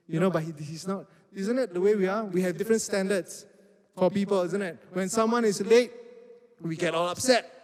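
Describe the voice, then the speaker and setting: A man's voice: high voice, fast. A man who preaches to youth and acts out the quotes in his stories. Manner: animated storytelling with acted-out quotes. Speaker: youth pastor. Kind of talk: sermon. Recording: reverberant hall.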